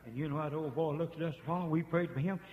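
A man preaching a revival sermon, swinging from hushed murmurs to shouts. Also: on the high side, steady tone, rapid-fire. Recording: dull lo-fi tape with long reverb.

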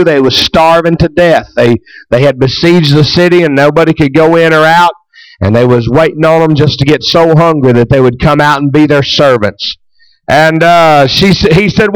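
A man's voice: fairly high pitch, moderate pace, clean tone, no echo, rough recording. A middle-aged man preaching a sermon, retelling scripture in folksy, plain speech.

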